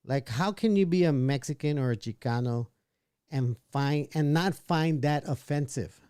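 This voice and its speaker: A man's voice: on the high side, normal speed, warm tone, clean tone, no echo, clean studio sound. A man hosting a casual livestream, reading chat messages aloud and giving his opinions with frequent restarts. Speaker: livestream podcast host.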